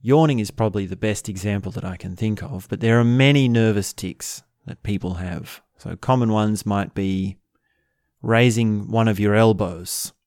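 A man's voice: on the low side, moderate pace, a little mellow, no echo, clean studio sound. A man hosting a self-help video, talking through a practical tip in a playful, wandering way. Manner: playful, wandering, breaks into laughs. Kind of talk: casual spoken tip monologue.

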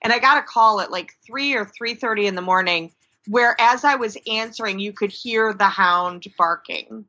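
A woman dog trainer in casual conversation, telling stories in a lively way and acting out what people said. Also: mid-range voice, moderate pace, low-quality recording. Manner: lively storyteller who acts out quotes.

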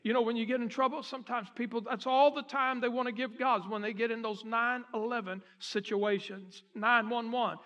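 Bright-voiced man preaching a sermon. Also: very high-pitched, fairly even intonation, lo-fi sound. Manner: preaching with emphatic repetition, slowing on key phrases. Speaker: pastor. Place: church sanctuary.

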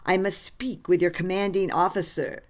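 A woman's voice: fairly low pitch, steady tone, moderate pace, lightly acted. A woman voicing a polite but insistent male messenger at a door. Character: urgent loyalist messenger, man, insistent.

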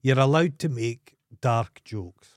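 Bloke ranting and swearing on a podcast, mid pitch, dry close sound. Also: male voice, takes it slowly, a little mellow, no room sound. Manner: ranting, swears freely, restarts sentences. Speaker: podcast co-host. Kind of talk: casual film review chat.

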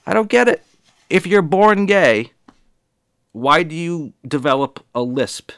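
A man's voice: a little high, a bit bright, no room sound, clean studio sound. A man in his forties from New England, delivering a heated, profane and rambling monologue. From New England, USA. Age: 40s. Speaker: vlogger.

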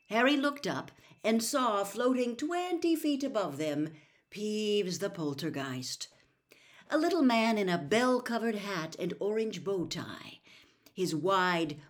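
A woman narrating a children's fantasy novel aloud, expressive and lively. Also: mid-range voice. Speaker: storyteller. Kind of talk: audiobook reading.

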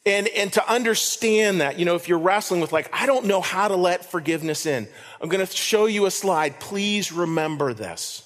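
Man, pastor, sermon, earnest, repeats key lines, fairly high voice, long hall reverb. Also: fairly quick, a bit bright.

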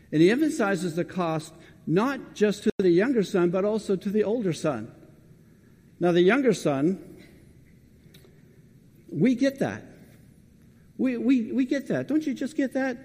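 A man's voice: sits high, mellow, husky, big-room sound. A man preaching a sermon, talking conversationally and putting questions straight to the congregation.

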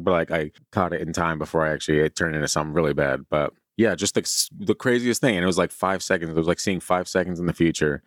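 A man's voice: low-pitched, fairly even intonation, fast talker, few pauses, dry recording, studio quality. A man co-hosting a podcast in casual chat, joking and rambling through a story with lots of fillers while chewing candy. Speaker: podcast co-host.

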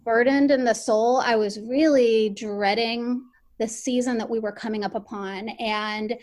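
An earnest woman editor talks through her work in an interview. Her voice sits a little high, and she speaks in a reflective, sincere way. Now and then she stumbles over a word before she carries on. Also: fairly even intonation, a little slow, a little mellow. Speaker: newspaper editor. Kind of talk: conversational interview answers.

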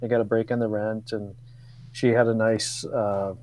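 A man in his fifties, a guest on a radio show, telling old stories with laughs and halting restarts. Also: lowish voice, little pitch movement, a little mellow. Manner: storytelling, laughs often, hesitant restarts. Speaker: guest, former radio co-producer. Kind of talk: casual radio chat.

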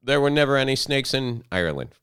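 A man in his thirties co-hosting a casual podcast, joking and slipping into loud mocking impressions. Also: mid-range voice, big pitch swings, fast, clean tone, no echo, clean studio sound. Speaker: podcast co-host. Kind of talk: casual banter.

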